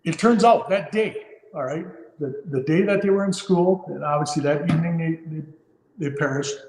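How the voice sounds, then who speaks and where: This man's voice is fairly high and a little mellow, moving at a moderate pace. He's a fifty-something firefighter guesting on a podcast, recounting a story sincerely and from the heart with many fillers and restarts, in a roomy recording with long reverb.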